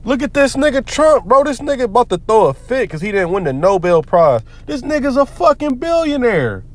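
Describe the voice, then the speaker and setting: A man's voice: very high voice, sing-song, normal speed. A man giving heated, profane, preacher-like commentary on the news, quoting scripture between rants. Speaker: commentary vlogger.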